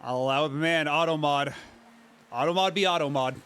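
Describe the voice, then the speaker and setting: A man's voice: fairly high pitch, fairly quick, a bit bright, clean tone, soft background music. A man streaming a game, chatting casually in a rambling, filler-heavy way. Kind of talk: casual gaming commentary.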